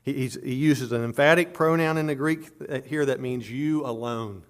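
A middle-aged man delivers a sermon in an earnest preaching manner. His pitch sits in an ordinary middle range for a man. He often stumbles into repeated words and climbs louder on his emphatic claims. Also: normal speed. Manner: earnest preaching with frequent word repetitions and restarts; rises in pitch and volume on emphatic points. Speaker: pastor.

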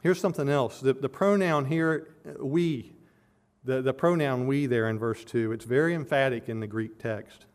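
A man's voice: mid-range voice, moderate pace, clear, resonant tone. A man preaching an expository sermon, earnest and building to emphatic peaks as he explains a scripture passage verse by verse.

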